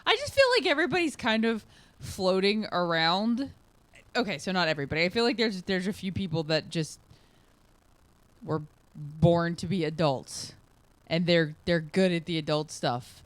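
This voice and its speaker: In a dry recording, a woman co-hosting a podcast tells a story during casual chat. She has a lowish voice and normal speed, and she narrates animatedly, acting out the quotes.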